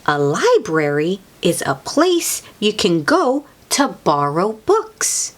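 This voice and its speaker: Bumbling, sheepish storybook father pig, slow and patient, read by a woman. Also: medium pitch, wildly swooping pitch, full character voice.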